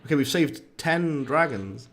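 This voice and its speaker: A man's voice: fairly high pitch, expressive, a little slow, fairly bright tone. A man, chatting casually and rambling to viewers while streaming a game. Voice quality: posh-sounding.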